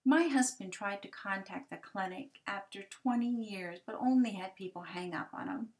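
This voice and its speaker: A woman in her forties giving a personal testimony talk for a ministry, gentle and halting, with hesitant restarts. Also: medium pitch. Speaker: ministry speaker sharing testimony.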